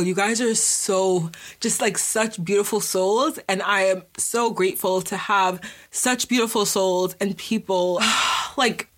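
A woman's voice: mid-range voice, fairly bright tone. A woman hosting a podcast, talking to listeners in a casual, gushing and emotional way, with many "like"s and "you guys". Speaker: podcast host.

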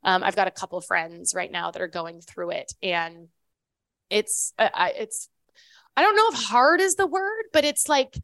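A woman co-hosts a podcast in casual chat, rambling with many fillers and restarts. Her mid-range voice is fairly bright and moves at normal speed, in a dry recording.

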